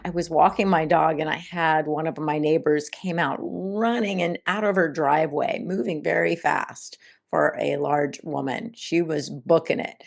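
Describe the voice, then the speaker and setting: A woman hosting a spiritual self-help podcast, talking in a gentle, reflective way and telling everyday stories. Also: deep voice, creaky. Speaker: podcast host.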